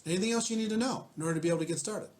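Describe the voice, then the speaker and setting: Man, fairly high voice, methodical, step-by-step sales coaching. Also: rapid-fire, darkish tone. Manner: methodical, lays out numbered questions. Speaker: network marketing trainer. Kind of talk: casual sales coaching talk.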